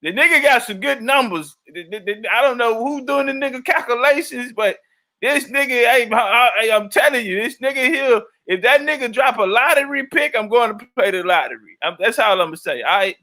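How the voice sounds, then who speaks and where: Male livestream host, profane rambler, reads the chat aloud, high and bright. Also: expressive, brisk.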